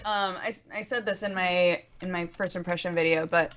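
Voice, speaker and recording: A woman co-hosting a manga podcast, chatting enthusiastically and telling quick anecdotes. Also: on the low side, fairly even intonation, a bit bright. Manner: enthusiastic, storytelling. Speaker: podcast co-host. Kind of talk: casual chat.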